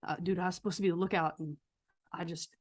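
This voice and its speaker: A man's voice: sits high, fairly even intonation, fast talker. A woman voicing a nervous young stoner man who was meant to keep lookout. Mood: anxious. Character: panicked young male lookout, stoner kid.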